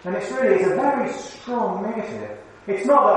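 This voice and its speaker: Guy preaching a sermon, highish voice, talks chatty and asks the crowd stuff, big echo, mic far away. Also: lively intonation, fairly quick, a little hiss or hum. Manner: conversational, asks the congregation questions. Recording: very echoey hall, mic far off.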